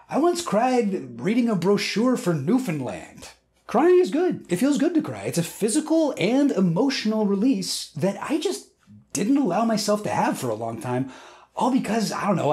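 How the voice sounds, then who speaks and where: A man in his thirties narrates a scripted comedic essay with a wry, self-mocking touch. His pitch swings widely, climbing and dropping from phrase to phrase. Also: a little mellow. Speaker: video essay host.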